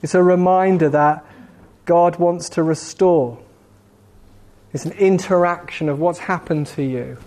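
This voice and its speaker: A man preaching a sermon in a slow, measured way with dramatic pauses, gently voicing God's questions. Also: on the high side. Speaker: pastor.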